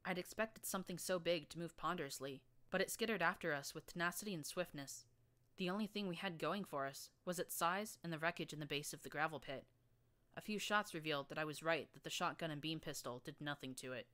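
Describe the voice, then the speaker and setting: Brief: female audiobook narrator, low-pitched but bright and crisp, dramatic first-person action reading. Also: fairly quick. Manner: vivid, action-driven storytelling.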